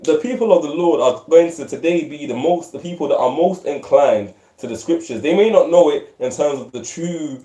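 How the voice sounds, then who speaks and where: A man's voice: a little high, animated, moderate pace, hardly any pauses, warm tone. A man teaching scripture in a casual group discussion, emphatic and profane, often repeating words. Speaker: bible study teacher. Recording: roomy echo.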